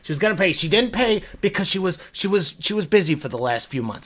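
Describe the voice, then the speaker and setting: A man's voice: high-pitched, lively intonation, fast talker, a bit bright. A man telling a story to his viewers in a casual, self-deprecating way, rambling and stumbling over restarts. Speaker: vlogger.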